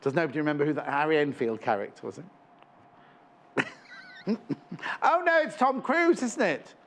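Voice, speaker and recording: A man's voice: fairly high pitch, very animated, moderate pace. A man presenting live on a shopping channel, chatting and joking in rambling asides. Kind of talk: live TV sales chat. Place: TV studio.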